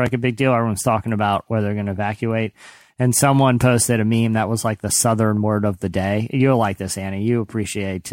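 A man's voice: on the low side, dry recording. A man in his thirties hosting a casual podcast chat, joking around and stopping and restarting his sentences often. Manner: joking, with many halting restarts. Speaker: podcast host.

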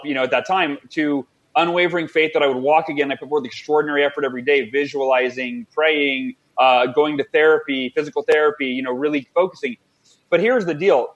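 A guest author in his forties tells a personal story on a podcast in a storytelling interview, talking fast and eagerly. His voice is a little high for a man, and he weaves quoted voices into the telling. The sound quality is lo-fi.

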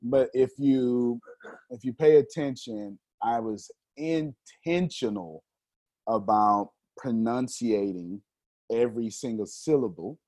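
A man, a professional speaker explaining his techniques to a group, talking deliberately with intentional pauses. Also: mid-range voice, warm tone.

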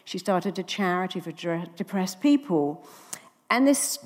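A woman's voice: fairly low pitch, measured pace, in a large hall. A woman, a therapist giving a talk on stage and acting out the voices in her stories. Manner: animated storyteller, acting out quoted dialogue.

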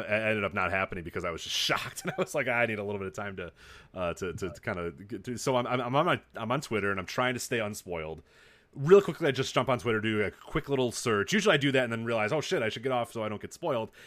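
Fast-talking, animated male podcast host. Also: medium pitch. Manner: fast rambling storyteller, laughs often. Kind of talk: casual chat.

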